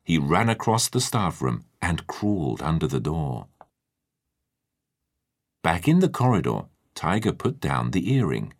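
A man narrating a children's storybook in a lively, expressive way. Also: rumbling low, a little slow, husky.

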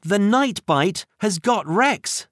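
A narrator voicing an excited young girl adventurer in a children's audiobook reading, speaking high and urgently. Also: takes it slowly, no room sound, clean studio sound. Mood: alarmed.

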